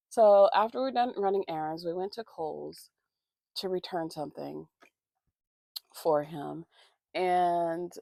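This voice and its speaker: A woman with a gravelly, fry-heavy voice tells a story at home in a loose, rambling way, swearing freely as she goes. Her delivery is animated and conversational, like a casual storytime while she gets ready for work. The sound is close and dry, with no room echo. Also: lowish voice. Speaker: vlogger.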